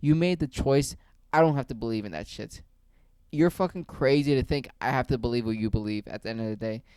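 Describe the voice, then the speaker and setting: A man's voice: mid-range voice, a little fast, a little mellow, clear, resonant tone, no echo. Blunt, heated man ranting. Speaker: video creator. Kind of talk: profane opinion rant.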